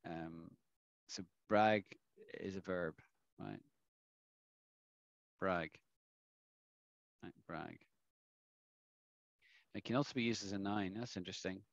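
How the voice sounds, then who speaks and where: A man's voice: deep voice, slow pace, creaky, pauses often, no echo. A man teaching English in a classroom, explaining patiently and often checking understanding with the students. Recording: dull lo-fi dry recording.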